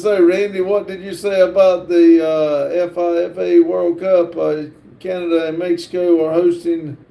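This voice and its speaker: Gravelly man haltingly reading chat. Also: on the high side, mellow, reverberant. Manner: halting, stumbling reader with many fillers. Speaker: livestream host reading chat. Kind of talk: casual live chat, reading comments aloud.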